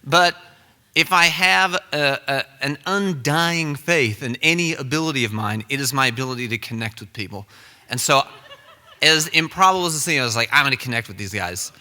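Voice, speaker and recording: A man's voice: on the high side, moderate pace, bright, forceful tone, long reverb tail. A young man telling a comic, self-deprecating story live on stage.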